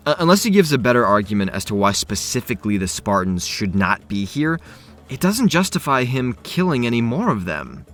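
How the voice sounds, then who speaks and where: A man's voice: mid-range voice, fairly bright tone. A man casually talking through a video game quest, chatty and self-correcting as he goes. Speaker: gaming youtuber.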